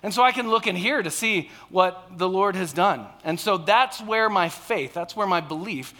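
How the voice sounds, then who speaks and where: A man's voice: high voice, moderate pace, sharp tone. A man preaching a sermon from a stage, conversational, often checking in with the crowd. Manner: conversational, frequent "all right?" and "okay?" check-ins.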